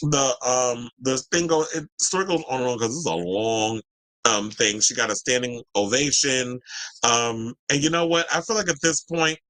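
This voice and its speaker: A man reads celebrity news aloud in a bright, forward voice. He keeps stepping out of the text to chat and give his own opinions. Now and then he stumbles over a name. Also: mid-range voice, moderate pace, rough recording. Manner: chatty, breaks off the article to give opinions, stumbles over names. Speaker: celebrity news commentary host. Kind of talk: reading a news article aloud with casual asides.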